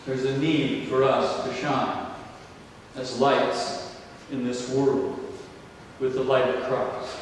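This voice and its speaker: An older male pastor delivering a slow, emphatic sermon, his voice rising on exclamations. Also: medium pitch, little pitch movement, slight background noise. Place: large church or banquet hall. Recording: distant, echoey hall recording.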